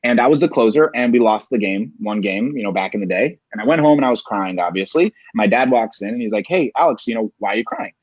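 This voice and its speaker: A man's voice: on the low side, expressive, fast, hardly any pauses, dry recording. Emphatic man coaching on sales. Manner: emphatic, rhetorical "right?" tags. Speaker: sales coach, interview guest. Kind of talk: motivational interview talk. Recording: dry, muffled lo-fi sound.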